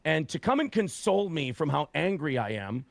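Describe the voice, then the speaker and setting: A man recounting a story as an interview guest, profane and animated, acting out the voices of the people in it. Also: fairly high pitch, normal speed, gravelly, no echo.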